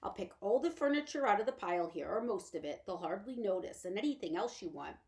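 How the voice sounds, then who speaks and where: A woman's voice: medium pitch, lively intonation, fast, darkish tone, close to an everyday voice. A woman voicing an eager, helpful young boy who speaks earnestly.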